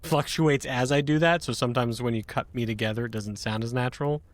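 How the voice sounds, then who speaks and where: A man's voice: mid-range voice, fairly quick, no room sound. A man hosting a casual podcast chat who jokes and laughs as he talks. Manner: chatty and joking, laughs mid-sentence. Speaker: podcast host.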